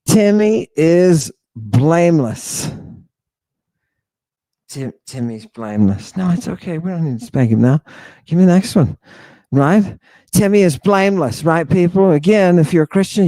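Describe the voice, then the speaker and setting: A man hosts an irreverent, theatrical lecture on ancient texts, mocking his audience and addressing them directly. His voice is a little high and mellow, with no room sound.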